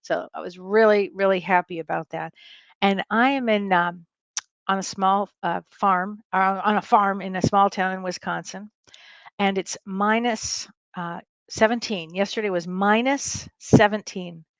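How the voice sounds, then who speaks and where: A woman's voice: medium pitch, steady tone, measured pace, fairly bright tone. Older lady doing a live stream from her farmhouse, chatty and upbeat, tosses out hellos to viewers by name, dry close sound, no room echo. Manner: chatty and upbeat, greets people by name with little laughs. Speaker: spiritual medium hosting a live online show. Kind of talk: casual livestream chat greeting viewers. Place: home on a farm in a small rural town.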